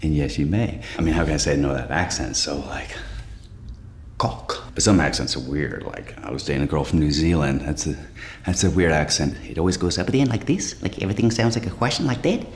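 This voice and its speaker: An actor playing an anxious, washed-up middle-aged male stand-up comic, talking in a halting, stammering, self-deprecating way in a film. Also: a bass voice, a little hiss or hum. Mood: joking. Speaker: stand-up comedian. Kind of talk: film stand-up set and show pitch.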